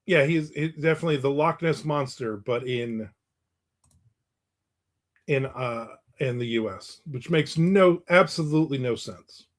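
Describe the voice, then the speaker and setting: A man's voice: mid-range voice, a little slow. Sarcastic man in his fifties. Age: 50s. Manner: sarcastic, rambling, laughs often. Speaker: livestream host. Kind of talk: casual chat reading viewer comments.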